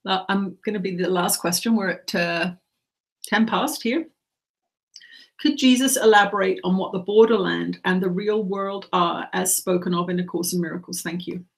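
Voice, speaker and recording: A woman channeling spiritual teachings, speaking in slow, repetitive, earnest instructions. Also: mid-range voice, steady tone, creaky.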